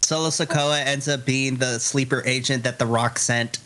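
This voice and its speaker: A man co-hosting a podcast, animated and sassy, laughing often in casual chat. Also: medium pitch, moderate pace. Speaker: podcast co-host. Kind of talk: casual chat, live reaction.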